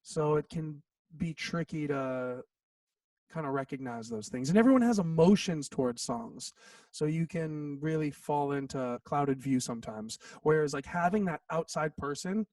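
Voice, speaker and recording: A man's voice: a little high, moderate pace, no echo, distant mic. A man in his thirties, a songwriter guest, telling a story in a casual interview, acting out quotes and saying "like" a lot. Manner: animated, acts out quotes, says "like" often.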